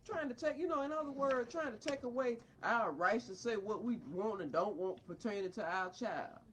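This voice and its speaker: A woman's voice: a little high, moderate pace, a little hiss or hum. A woman ranting angrily at a doctor about her child in a confrontational, preachy, scolding way. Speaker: parent. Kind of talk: angry rant addressed to a doctor.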